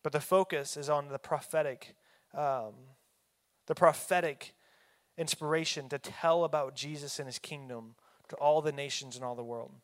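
A man's voice: fairly high pitch, steady tone, fairly quick. A man preaching a sermon as a pastor, folksy and emphatic, with fillers and restarts.

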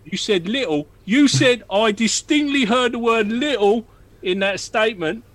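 A man voicing a short, stocky warrior with a hammer who is brash and quick to take offence. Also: very high voice, a bit bright, dry recording. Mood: indignant. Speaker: player.

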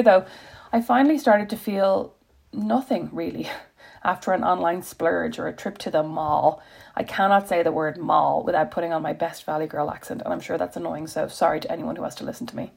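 A woman's voice: fairly low pitch, vocal fry, a little mellow, husky. A woman reading her own reflective personal post aloud, wry, self-deprecating and confessional.

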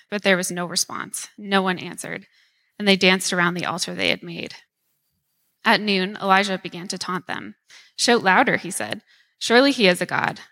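A woman giving a steady, measured scripture reading in a service. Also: mid-range voice, creaky. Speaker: scripture reader.

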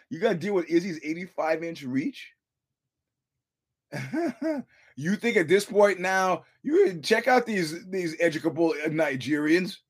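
A man's voice: high voice, expressive, unhurried, a bit bright, slightly rough. A male podcast host giving casual fight commentary. He tells profane stories, acts out quotes, repeats and restarts his words, and chuckles often.

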